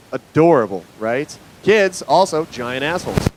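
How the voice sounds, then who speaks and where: A young man from Nevada doing a stand-up comedy set on a club stage, mostly deadpan with sudden loud bursts. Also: on the high side, normal speed, few pauses, slight background noise.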